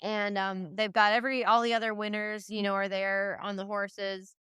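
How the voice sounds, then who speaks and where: Woman with a very clear, smooth voice, recounting things in a rambling way. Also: medium pitch, little pitch movement, moderate pace, fairly bright tone, no echo, studio quality. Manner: rambling, emotional play-by-play full of "like" and "you know". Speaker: guest, reining horse trainer. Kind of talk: casual interview storytelling.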